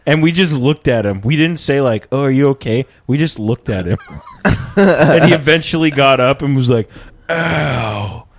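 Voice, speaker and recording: A man's voice: medium pitch, normal speed. A man co-hosting a casual podcast, telling a story in a rambling way, swearing often and laughing as he goes.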